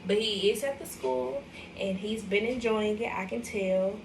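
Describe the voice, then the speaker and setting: Chatty young mom in echoey room. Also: female voice, mid-range voice, measured pace, noisy background. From Arkansas, USA. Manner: chatty, emotional, addresses viewers as y'all. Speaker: vlogger, mother. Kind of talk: casual livestream chat. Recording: echoey room, mic at a distance.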